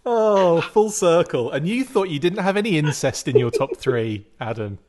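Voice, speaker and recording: A man's voice: on the high side, expressive, moderate pace, crowd noise. A man hosting a casual podcast chat, jokey and rambling, and he laughs often. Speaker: podcast host.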